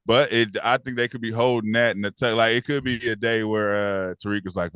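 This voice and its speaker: A man co-hosting a casual TV recap podcast, animated and acting out characters in raised voices. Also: lowish voice, a little fast, clear, resonant tone, dry recording. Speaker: podcast co-host.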